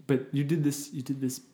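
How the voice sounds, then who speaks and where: A man's voice: medium pitch, very noisy, natural voice. A man playing a husband who scolds his wife in an exasperated way.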